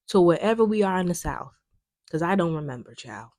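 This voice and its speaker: A young woman, chatting in a lively, casual way about a film, with lots of fillers. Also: fairly low pitch, moderate pace, no room sound. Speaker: video essayist. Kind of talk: casual film commentary chat.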